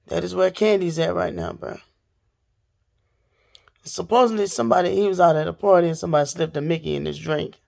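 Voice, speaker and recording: Gravelly woman vlogger, animated storytime rant straight to camera. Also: on the low side, a little fast, long pauses. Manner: animated, talks straight to viewers.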